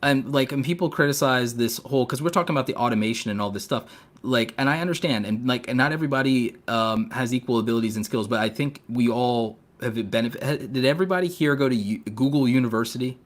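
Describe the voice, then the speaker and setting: A man's voice: medium pitch, fast, hardly any pauses, fairly bright tone. A man hosting a casual podcast chat, talking in long rambling runs full of fillers, with a sarcastic edge. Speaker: podcast host.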